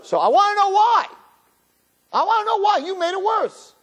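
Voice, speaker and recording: A man acting out an exasperated male prophet complaining to God, indignant and pleading, rising to high cries. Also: animated, a little fast, close to an everyday voice.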